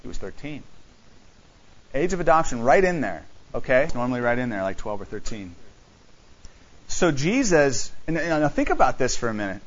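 Male preacher, mid-pitched, lively sermon delivery with rhetorical questions, slightly muffled recording. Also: moderate pace, long pauses. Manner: animated, rhetorical questions, reads scripture aloud.

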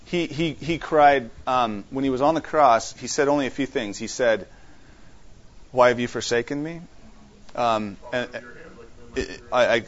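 A man teaching an interactive Bible study, repeating his main points, checking in with his listeners and often restarting his sentences. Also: mid-range voice. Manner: halting, with frequent restarts. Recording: dull lo-fi recording.

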